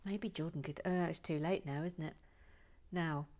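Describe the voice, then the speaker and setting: A woman's voice: low voice, fairly even intonation, normal speed, a little mellow. A woman reading out listener messages in a casual, giggly chat, often trailing off into whispers. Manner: giggly, self-interrupting, drops into whispers.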